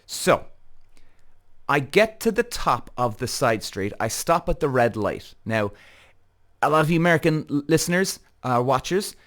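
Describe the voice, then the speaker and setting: Irish male podcast host, mid-pitch voice, heated storytelling rant, swears a lot. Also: very animated, moderate pace, fairly bright tone. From Ireland. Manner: heated, swears freely, addresses viewers directly.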